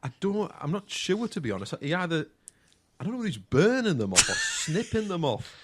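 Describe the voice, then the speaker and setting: A man's voice: high-pitched, big pitch swings, a little fast, a bit bright, slightly rough. A man telling a crude story in casual podcast chat, hesitant and full of ums. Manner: rambling, hesitant, lots of ums, crude humour. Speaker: podcast co-host.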